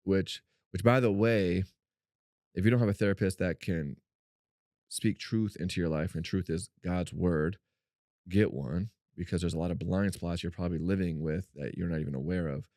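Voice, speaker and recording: Deep-voiced man telling a story. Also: normal speed, no room sound, studio quality. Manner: animated storyteller, acts out quotes in a high voice. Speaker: podcast co-host. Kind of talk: faith-based podcast storytelling.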